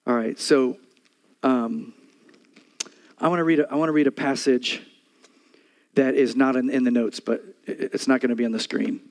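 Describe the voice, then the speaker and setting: An older man preaching a sermon as a pastor, passionate, moving between soft storytelling and loud repeated declarations. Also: mid-range voice, steady tone, normal speed, pauses often.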